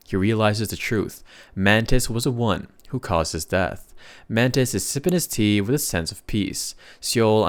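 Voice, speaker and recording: A man narrating a comic recap in a steady storytelling manner, with brief dry asides. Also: on the low side.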